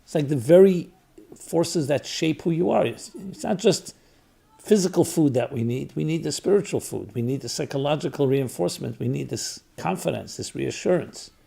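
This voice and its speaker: A man who is a rabbi, telling a story in an earnest reflective talk, repeating phrases in threes for emphasis and dropping soft on tender phrases. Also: fairly high pitch, lively intonation, moderate pace, gravelly, breathy edge. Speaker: rabbi and spiritual teacher.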